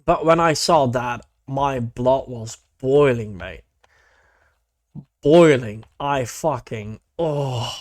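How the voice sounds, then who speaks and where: A man's voice: medium pitch, takes it slowly, hardly any pauses, no room sound, clean studio sound. A man streaming, chatting casually and animatedly about online drama, swearing freely and saying "mate".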